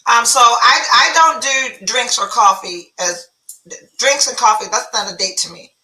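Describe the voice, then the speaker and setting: Bright-voiced confident woman in her fifties. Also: fairly high pitch, normal speed, distant mic, poor audio. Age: 50s. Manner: confident, matter-of-fact. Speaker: relationship guru and talk show guest. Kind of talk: casual chat.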